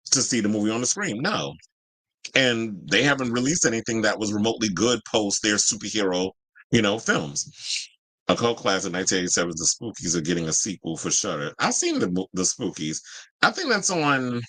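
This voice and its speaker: Animated man with a bright, dry voice. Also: fairly low pitch, no room sound, low-quality recording. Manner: animated and chatty, reads and answers live chat, swears freely. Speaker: entertainment news show host. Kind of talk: casual pop-culture commentary.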